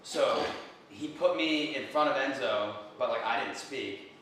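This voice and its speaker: A man's voice: mid-range voice, a little slow, fairly bright tone, recorded from a distance, a little hiss or hum. A young man coaching a workout on a livestream, talking in a laid-back, rambling way full of "like". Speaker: fitness coach. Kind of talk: casual livestream chat. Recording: echoey room, voice from off-mic.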